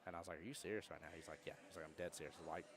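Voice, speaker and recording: Fast-talking low-voiced man. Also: fairly even intonation, crowd noise. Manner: rambling storyteller, many restarts. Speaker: pool commentator. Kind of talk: casual commentary chat. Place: pool hall.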